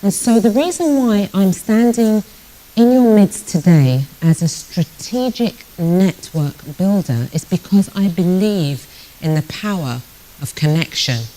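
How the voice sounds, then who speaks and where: Speaking at a medium pitch with a slightly mellow quality, this British networking speaker in her sixties tells stories, cracks jokes and talks straight to her audience during a motivational talk. The audio quality is poor.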